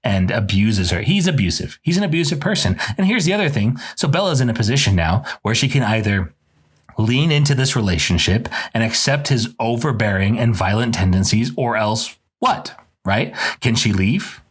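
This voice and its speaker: A man's voice: animated, moderate pace, husky. A man hosting a podcast, giving a casual, opinionated book review in an indignant, emphatic way. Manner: indignant, emphatic, voice jumps higher when worked up.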